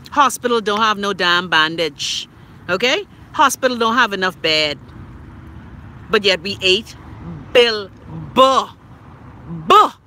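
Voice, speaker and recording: A Bahamian woman hosting a casual live stream on her phone, reading viewer comments in a blunt, profane, exasperated way with sharp swings in pitch. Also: a little hiss or hum. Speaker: live stream show host.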